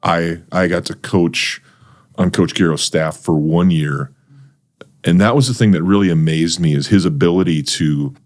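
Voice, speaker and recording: Middle-aged male host, low pitch, halting casual questions. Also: steady tone, darkish tone. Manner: halting, lots of fillers. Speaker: host, interviewer. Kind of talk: casual interview.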